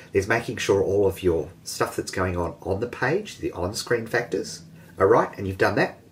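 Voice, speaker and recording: Lively, low-voiced man teaching. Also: slight background noise. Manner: energetic, jokey and self-mocking. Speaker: online marketing course host. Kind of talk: teaching video lesson.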